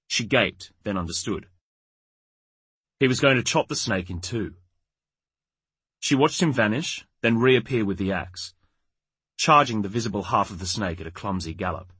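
A man narrating an audiobook in a measured, wry storytelling manner. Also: lowish voice, animated, sharp tone, husky, dry recording. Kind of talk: scripted narration.

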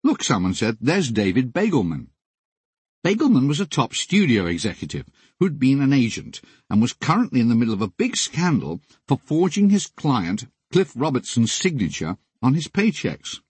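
Brief: husky older man, dry close recording, lively wry memoir delivery. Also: medium pitch, normal speed, no echo. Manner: wry, deadpan comic storytelling. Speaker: memoir narrator. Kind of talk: audiobook memoir narration.

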